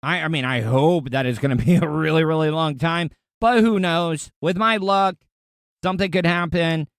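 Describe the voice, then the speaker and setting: A man's voice: on the high side, moderate pace, clear, resonant tone, no echo. A man hosting a podcast, telling candid stories in a blunt, sometimes profane casual monologue. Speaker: podcast host.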